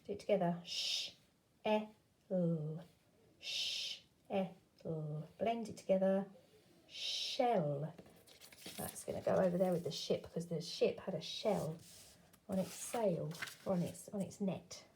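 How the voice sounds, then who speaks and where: A woman teaching a phonics lesson to young children, sounding out words slowly and clearly and encouraging them to join in. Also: on the low side, warm tone, slight background noise.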